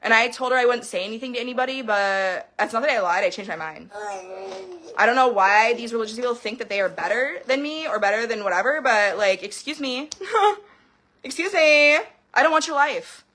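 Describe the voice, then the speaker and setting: A woman's voice: fairly high pitch, quick pace, fairly bright tone, a little hiss or hum. A woman in her thirties ranting to camera in a heated personal vlog, swearing freely and veering between laughter and tears. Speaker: vlogger. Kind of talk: emotional personal rant to camera.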